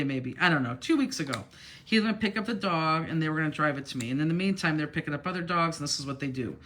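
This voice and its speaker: A woman's voice: fairly low pitch, pushed and bright. A woman teaching a crafting class live, telling a long rambling story while she works and acting out what other people said. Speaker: crafting instructor.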